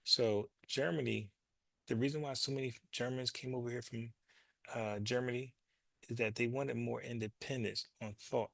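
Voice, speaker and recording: A man hosts his own commentary show in a gravelly, fry-edged voice. He talks loosely and bluntly, repeats words as he restarts, and the sound is close and dry. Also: medium pitch, fairly even intonation, normal speed, a bit bright, no room sound. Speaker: show host. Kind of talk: casual commentary monologue.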